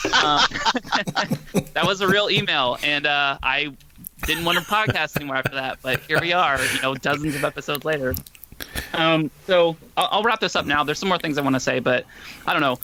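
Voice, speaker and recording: A man's voice: a little high, moderate pace, long pauses, pushed and bright, slight background noise. A man of about thirty, a departing podcast co-host, talking in a rambling, emotional way full of fillers. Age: 20s. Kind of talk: casual podcast chat.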